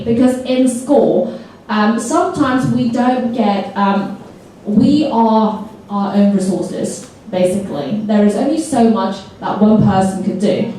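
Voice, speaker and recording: A woman with a fairly high, mellow voice leads a teacher seminar. She talks lively and keeps checking in with "okay?" along the way. The sound is roomy and echoey, picked up from some distance away. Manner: lively, acts out student reactions, many "okay?" checks. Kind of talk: teacher training seminar talk. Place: school hall or classroom. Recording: echoey room, voice from far off.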